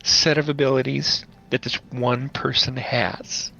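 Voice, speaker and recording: A man who runs tabletop games, chatting on a podcast as an animated storyteller. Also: medium pitch, a little slow, gravelly. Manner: animated storyteller, playful voice imitations. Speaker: podcast guest, game master. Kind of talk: casual podcast chat. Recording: dull lo-fi audio.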